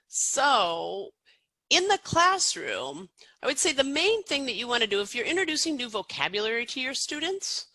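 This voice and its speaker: A middle-aged American accent coach talking through her ideas in a loose, chatty podcast answer, circling back with fillers and restarts. Her voice is bright and forward, and the recording sounds dry and close. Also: mid-range voice, no echo, low-quality recording.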